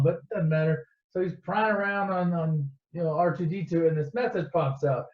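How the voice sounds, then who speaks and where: A man's voice: fairly high pitch, moderate pace, hardly any pauses. A man casually retelling a favorite movie as a rambling, swearing storyteller, full of asides and restarts. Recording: echoey, dull lo-fi room recording.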